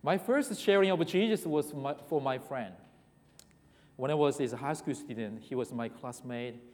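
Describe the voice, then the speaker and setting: A man with a Korean accent preaches a sermon in a reverberant church hall, his voice sitting at an ordinary middle pitch. He talks haltingly, repeating and restarting words as he goes, and often turns to ask the congregation questions. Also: a little mellow.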